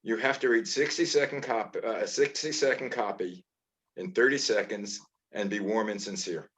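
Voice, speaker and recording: A man's voice: on the low side, steady tone, normal speed, a bit bright. An older man hosting an interview, sharing rambling anecdotes from his past work. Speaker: interview host. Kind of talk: casual interview chat.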